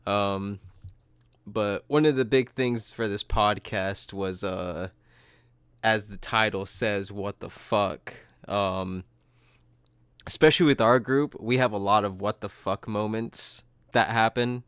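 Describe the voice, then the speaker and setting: A man's voice: on the low side, steady tone, takes it slowly, fairly bright tone, clean tone, no room sound, studio quality. A man hosting a podcast in casual chat, swearing freely, laughing often and filling his talk with "like" and "dude". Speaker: podcast host.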